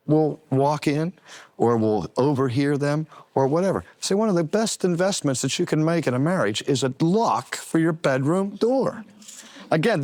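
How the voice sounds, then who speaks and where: Older man preaching with lively pitch. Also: dry recording. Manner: earnest, emphatic, draws out key words. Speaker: preacher and teacher. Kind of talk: sermon-style lecture.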